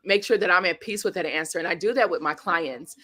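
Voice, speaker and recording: A woman guest speaker and coach telling stories in an interview, animated, acting out the quotes and speaking straight to the audience. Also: lowish voice, brisk, no echo. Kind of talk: storytelling interview.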